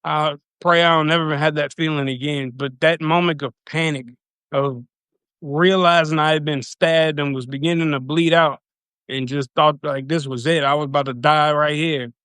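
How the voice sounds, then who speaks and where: Guy on a live stream rambling thru a story, cussing a lot, smooth clear voice, kinda high, dry sound. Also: steady tone, moderate pace, fairly bright tone, no room sound. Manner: profane, rambling, loose retelling. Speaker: livestreamer. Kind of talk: casual personal storytelling.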